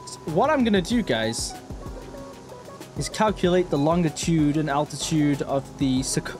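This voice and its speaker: A young man livestreams a combat flight game in a high, bouncy voice that leaps around in pitch. He jokes with viewers and moves quickly from mock calm to frantic yelling. Faint game music runs softly behind him. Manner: animated, jokey, quick swings between mock calm and yelling. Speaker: gaming streamer. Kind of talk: live gameplay commentary.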